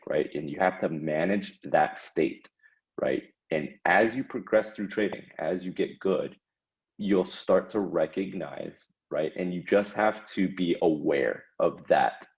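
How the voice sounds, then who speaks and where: A man giving casual instructional talk about trading, conversational, with frequent fillers and tag questions like "right?" and "okay?". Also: extremely low pitch. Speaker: trading educator. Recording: dull lo-fi recording.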